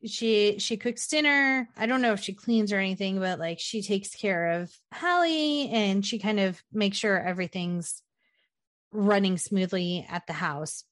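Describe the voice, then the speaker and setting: Animated woman recapping a movie. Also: mid-range voice, unhurried, no room sound, clean studio sound. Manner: animated retelling, acts out character lines. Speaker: podcast co-host. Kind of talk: casual movie recap chat.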